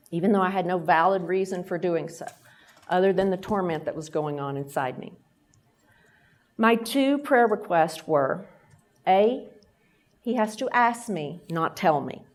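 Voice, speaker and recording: A guest speaker, a middle-aged Texan woman with a Texan accent, gives a faith-based leadership talk at a lunch event. Her medium-pitched voice is a little mellow, and she tells stories while acting out the voices in them.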